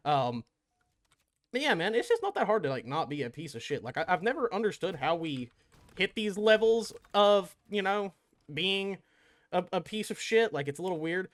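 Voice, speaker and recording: Young man, gaming commentator, lively swooping pitch, profane, exasperated, rambling, casual rant. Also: moderate pace. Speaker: gaming YouTuber.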